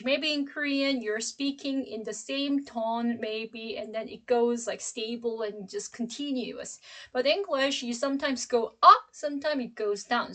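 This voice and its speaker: A middle-aged woman, an English professor, giving a classroom lecture in a slow, emphatic way and demonstrating intonation as she goes. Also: a little high, a bit bright.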